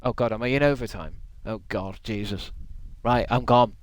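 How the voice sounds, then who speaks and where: A man's voice: fairly low pitch, normal speed. A male game streamer chatting at his desk at home, rambling with self-mocking jokey asides as he signs off. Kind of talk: casual stream sign-off chat.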